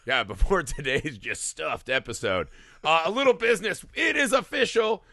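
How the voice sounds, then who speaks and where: A man hosting a podcast in casual chat, lively and swearing freely, laughing often. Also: a little high, normal speed, vocal fry, dry recording. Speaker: podcast host.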